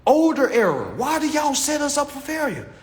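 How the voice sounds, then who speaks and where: A man delivering a comedic rant to camera in an animated, preachy and mocking way. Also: very high-pitched, normal speed, slight background noise. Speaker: vlogger.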